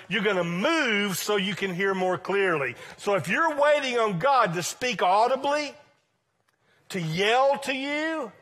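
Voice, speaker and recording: A male pastor preaching a sermon to his congregation in a church, conversational and emphatic, swinging from loud points to quiet asides. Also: sits high.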